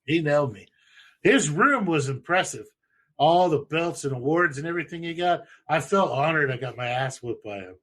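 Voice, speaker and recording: A man's voice: fairly high pitch, animated, normal speed, a bit bright. A man telling stories in a loose, rambling and profane way as host of a casual chat show. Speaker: podcast host.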